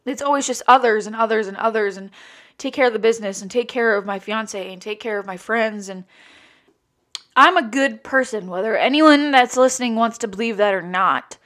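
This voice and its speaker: Tearful, her voice cracking, the woman hosting this solo podcast rambles through an emotional monologue at normal speed. She keeps restarting and swears casually, speaking with a fairly high, slightly bright voice.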